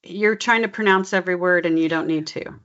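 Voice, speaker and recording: A woman working as a dialect coach, patiently explaining stress and pitch and demonstrating phrases aloud. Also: fairly quick, fairly bright tone. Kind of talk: coaching session. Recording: slightly dull lo-fi recording.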